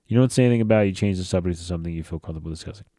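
A man talks through a casual solo podcast in a low, mellow voice that sounds a little tired. He speaks bluntly and swears freely in a loose, conversational way. The sound is dry and close. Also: racing, dry recording. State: tired, yawning. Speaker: podcast host.

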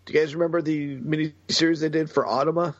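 A man's voice: on the high side, fast talker, no room sound. Joking man on a muffled mic. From United States. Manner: jokey, animated, laughs often. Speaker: podcast co-host. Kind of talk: casual chat about comics.

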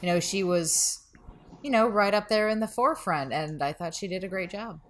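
A woman giving her opinion on a film as a podcast reviewer, hesitant and measured. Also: medium pitch. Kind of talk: casual film review chat.

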